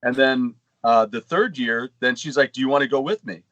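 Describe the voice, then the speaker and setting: A man's voice: mid-range voice, normal speed, fairly bright tone, no room sound, low-quality recording. Dry-sounding man telling rambling stories. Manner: rambling anecdotal storyteller. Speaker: podcast co-host. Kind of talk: casual chat.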